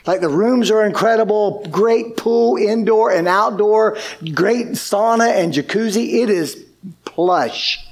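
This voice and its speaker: A man preaching a sermon, telling a story with lively delivery and acting out quoted lines. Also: high voice. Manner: animated, acts out quoted speech. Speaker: pastor.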